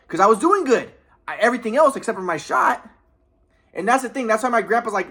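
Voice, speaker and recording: A man's voice: sits high, expressive, fast, bright, forceful tone. A man telling a personal story in a casual monologue, rambling, repeating himself and cursing.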